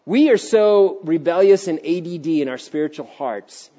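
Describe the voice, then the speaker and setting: A middle-aged man preaching a sermon as pastor of a church, animated and acting out little voices, sometimes dropping to a hushed tone. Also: a little high, moderate pace. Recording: dull lo-fi sound.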